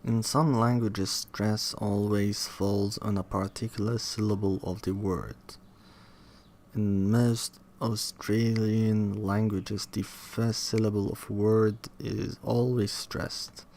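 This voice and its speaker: Slow, low-voiced man reading haltingly. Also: level tone, darkish tone, a little hiss or hum. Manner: halting, restarts words and questions the text aloud. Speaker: reader studying a linguistics textbook. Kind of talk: reading aloud with self-commentary.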